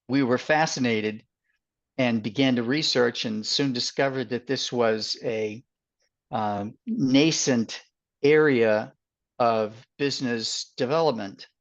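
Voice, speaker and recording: An older man with a Boston accent, speaking as a guest consultant on a webinar over a video call, with many fillers and pauses. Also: mid-range voice. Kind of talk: webinar interview. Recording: dull lo-fi audio.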